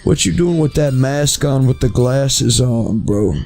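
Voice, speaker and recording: A man's voice: medium pitch, lively intonation, a little slow, creaky, a little mellow, faint music behind. A man streaming a social game, talking in a rambling, joking way and calling everyone bro. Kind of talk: casual livestream chat in a social game.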